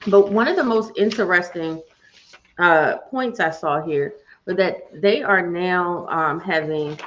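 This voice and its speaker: A woman's voice: on the low side, slight background noise. A woman hosting a live-streamed morning show, chatty and folksy, talking straight to her viewers. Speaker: host. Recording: dull lo-fi stream audio.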